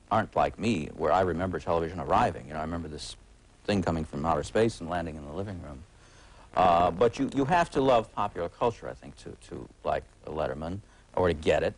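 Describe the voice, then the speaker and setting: A man in his forties with a very low, deep voice talks as a guest in a TV studio. His speech is wry and halting, full of restarts and uh's. He has a casual, conversational way of talking. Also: rough recording. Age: 40s. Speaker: TV critic guest. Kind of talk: casual talk-show conversation. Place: TV talk show studio.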